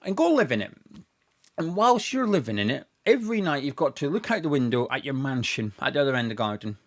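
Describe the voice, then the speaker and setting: A man's voice: mid-range voice, fast talker. A young man, hosting a football fan show and ranting sarcastically about his club's owners. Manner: sarcastic, mocking, animated rant with mock quotes. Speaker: football fan podcast host.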